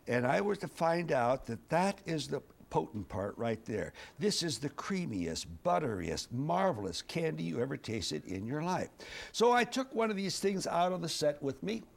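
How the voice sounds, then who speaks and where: An older man, a veteran TV weatherman, telling a humorous anecdote in a wry, chuckling, animated way from a TV studio. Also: on the high side, normal speed, gravelly. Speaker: TV weatherman and host.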